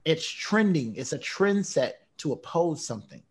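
A man's voice: on the high side, moderate pace. A man co-hosting a podcast, debating animatedly and acting out imagined conversations. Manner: animated storyteller, acts out quotes. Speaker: podcast co-host.

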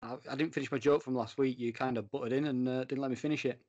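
A man's voice: medium pitch, fairly even intonation, quick pace, darkish tone, highs cut off. A man co-hosting a podcast, bantering and telling jokes playfully. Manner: playful, joking, laughs a lot. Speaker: podcast co-host.

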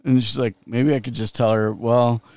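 A middle-aged man co-hosting a podcast, talking slowly with many restarts and frequent laughter. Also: medium pitch, level tone, a little mellow, dry recording. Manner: laughs often, slow and halting with restarts. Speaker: podcast co-host. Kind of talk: casual podcast chat.

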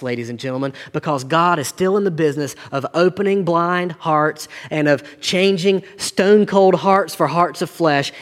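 A man's voice: on the high side, long reverb tail. A man, preaching a sermon to his congregation with earnest, rising and falling intensity. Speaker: pastor.

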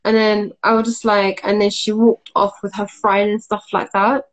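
Young woman, halting storytelling. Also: mid-range voice, little pitch movement, rough recording. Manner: halting, full of fillers and restarts. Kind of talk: casual personal storytelling.

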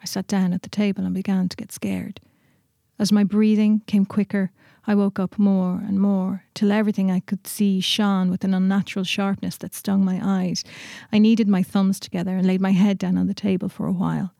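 A woman reading a literary short story aloud in a steady, measured way in a studio. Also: medium pitch, gravelly, dry recording.

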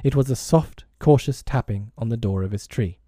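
Brief: male audiobook narrator, expressive, warm low timbre, dry close sound. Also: normal speed, no room sound. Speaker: audiobook reader. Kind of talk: storybook narration.

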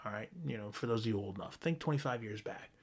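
A man's voice: fairly low pitch, quick pace, breathy edge. A man hosting a solo show, ranting bluntly and profanely, often restarting his sentences. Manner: frequent restarts and stumbles. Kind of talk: solo opinion rant.

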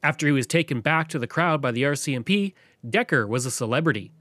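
A man hosting a podcast, narrating history from a script in a lively storytelling way. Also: fairly high pitch, fast talker, no echo, studio quality. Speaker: podcast host.

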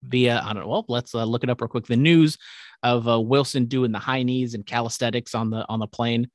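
A young man talks through football picks on a casual podcast, rambling and dropping swear words. His voice sits at an ordinary pitch. The sound is dry and close, with no room around it. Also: fairly even intonation, no echo. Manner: rambling, profane, quick asides. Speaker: podcast host. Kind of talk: casual sports chat.

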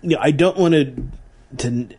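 A man's voice: a little high, moderate pace, darkish tone, husky. A man co-hosting a podcast in an easygoing way, casually describing beers and reading out their stats in a matter-of-fact tone. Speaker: podcast co-host. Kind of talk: casual beer-tasting chat.

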